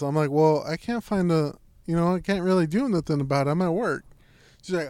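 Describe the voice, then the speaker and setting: A man's voice: on the high side, a little fast, clean tone, no echo. Profane young man telling a rambling story. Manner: rambling, profane, animated retelling with lots of "I'm like". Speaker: storyteller in casual chat. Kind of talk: casual chat.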